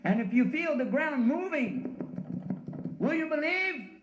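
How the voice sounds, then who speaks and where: A man's voice: extremely high pitch, very animated, unhurried, roomy sound, dull audio, slight background noise, voice pushed up, full character voice. A man voicing an earnest man who urgently pleads with someone to get off the tracks. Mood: pleading.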